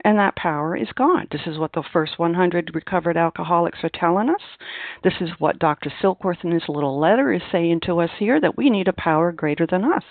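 A woman's voice: lowish voice, a little fast, dry recording. A woman leading a recovery meeting, speaking emphatically and expressively, her voice rising on key words. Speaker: meeting leader. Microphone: phone line. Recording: tinny phone line.

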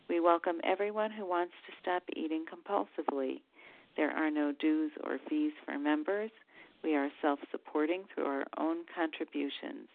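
Gravelly low woman on a phone line. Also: no echo. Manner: measured, formal reading. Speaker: meeting chair. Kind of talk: reading a meeting preamble aloud. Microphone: phone call.

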